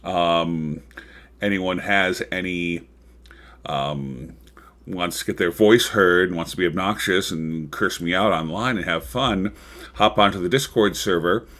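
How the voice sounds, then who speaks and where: Low-voiced man hosting a political livestream. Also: unhurried, fairly bright tone. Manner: chatty, rambling with frequent ums and asides. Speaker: livestream talk show host. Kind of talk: casual political livestream commentary.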